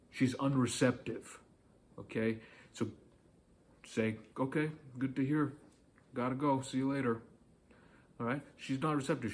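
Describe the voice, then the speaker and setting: A man giving dating advice in a casual, direct monologue, coaching the listener and often checking in with "okay?". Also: medium pitch.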